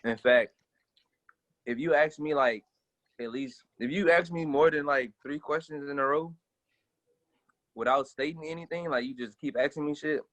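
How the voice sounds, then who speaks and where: A man's voice: fairly high pitch, normal speed, long pauses, a bit bright. A young adult man, joking around in a laid-back, slangy way as a guest in a casual chat over a video call. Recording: dull lo-fi video call audio.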